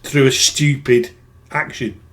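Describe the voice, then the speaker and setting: This middle-aged man, a spiritual healer, tells a personal story in a rambling, plain-spoken way, often correcting himself as he goes. His voice sits in the mid range with fairly even intonation and a fairly bright tone, and he takes his time. It's a casual storytelling monologue.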